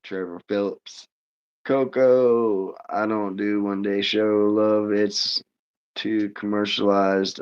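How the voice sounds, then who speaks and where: Crude joking man on a lo-fi livestream. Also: on the low side. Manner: crude, joking, reads chat comments aloud. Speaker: livestream host. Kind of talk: casual livestream chat. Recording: dull lo-fi stream audio.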